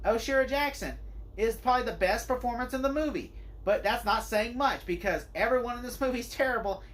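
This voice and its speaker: A man with a very high-pitched, fairly bright voice talks a little fast as he gives a casual spoken movie review. He rambles and is opinionated, using "like" as a filler again and again.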